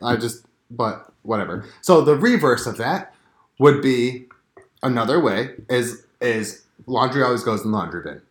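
A man's voice: mid-range voice, animated, normal speed. A man chatting casually as a podcast co-host, candid and swearing freely, acting out little scenes as he talks. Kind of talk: casual chat. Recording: echoey room.

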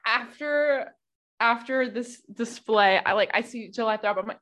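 Playful woman player, slightly high. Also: moderate pace, a bit bright. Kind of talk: tabletop game play.

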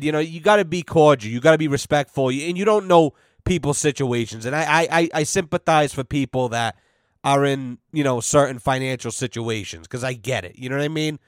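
Profane storytelling man with a smooth voice. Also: fairly high pitch, dry recording, clean studio sound. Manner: profane, rambling, with many fillers. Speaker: podcast host. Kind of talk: casual storytelling.

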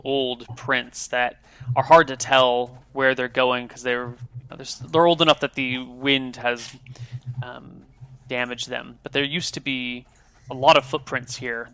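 A man runs a tabletop game with a bright, forceful voice that sits at an ordinary pitch. He narrates scenes in an easygoing, improvised way. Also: fairly even intonation, takes it slowly, clean tone, no room sound. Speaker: game master.

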